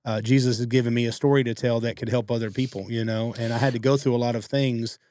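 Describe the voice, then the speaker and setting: A man, co-hosting a podcast and telling stories in a casual, animated way, acting out what other people said. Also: mid-range voice, dry recording. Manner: fast-talking, animated quoting of others. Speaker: podcast co-host. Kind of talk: casual storytelling.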